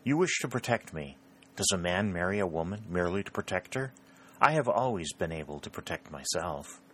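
A proud, self-reliant young woman, as a man reads her lines in an audiobook. She speaks in a spirited, earnest manner, lifted a little above a low voice. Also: expressive, fairly quick, a bit bright, slight background noise. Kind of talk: audiobook character reading.

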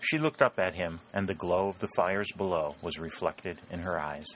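A man with a deep, low voice narrates an audiobook at a measured, steady pace. A faint hiss sits under the reading.

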